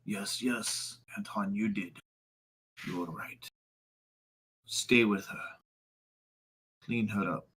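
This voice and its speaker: A man's voice: breathy edge, full character voice, low-quality recording. A man voicing a grief-stricken raging nobleman. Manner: shouting, then sobbing low. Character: grieving middle-aged nobleman Boris, furious.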